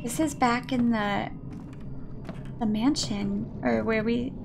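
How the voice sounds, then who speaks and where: A woman's voice: on the high side, takes it slowly, vocal fry, background noise. A woman playing a horror game, reacting on the fly, swearing and shrieking when scared. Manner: reads game text aloud in Japanese. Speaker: gaming streamer. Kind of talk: let's play commentary.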